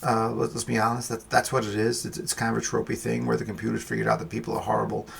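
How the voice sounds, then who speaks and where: A man's voice: lowish voice, monotone, fast talker, creaky, fairly bright tone, slight background noise. A man hosting a film review podcast, talking casually in a rambling, wry way with frequent restarts and asides.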